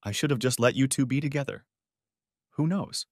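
A man's voice: mid-range voice, normal speed, no echo, clean studio sound, pitched above the performer's own voice, close to an everyday voice. A man voicing a betrayed husband who speaks in a weary, bitter and self-mocking way in an audiobook. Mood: resigned bitterness. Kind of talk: audiobook character voice.

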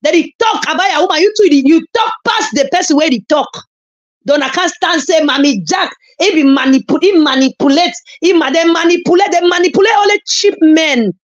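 A woman with a Nigerian Pidgin accent and an extremely high-pitched voice speaks briskly in a muffled recording. As a social media commentator, she scolds and insults a rival in a heated online rant full of loud, emphatic outbursts.

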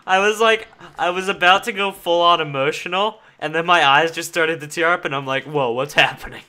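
Bright-voiced man bantering over a game. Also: a little high, smooth. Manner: joking, teasing, quick back-and-forth. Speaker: server owner and group leader. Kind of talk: casual gaming chat.

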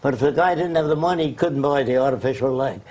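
Husky older man telling stories. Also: medium pitch, fast, darkish tone. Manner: anecdotal, blunt. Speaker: interview guest, designer. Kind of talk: storytelling in an interview.

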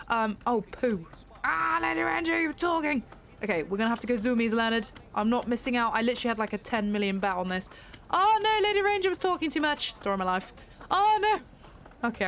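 A young English woman from the UK chatting and rambling while she plays a horse racing game, laughing at herself. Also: high-pitched. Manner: chatty, rambling, self-mocking. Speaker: gaming YouTuber. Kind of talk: casual gameplay commentary.

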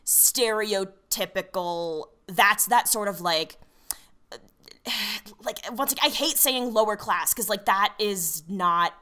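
Podcast co-host, woman, animated and rambling, bright crisp tone. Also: medium pitch, slow pace. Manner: animated, many fillers and restarts. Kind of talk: casual chat.

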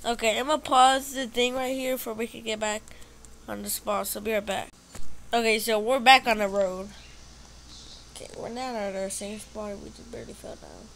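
A woman casually commentating her gameplay, excitably squealing, cheering and talking back at her opponents. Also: on the high side, normal speed, gravelly, slight background noise. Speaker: gamer commentating her play.

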